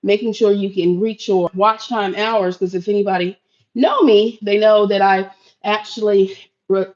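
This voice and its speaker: A woman's voice: medium pitch, fairly even intonation, normal speed, a little mellow, muffled recording. A middle-aged woman from Florida chatting casually with viewers on a live stream while she cooks in her home kitchen. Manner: chatty, addresses viewers as y'all.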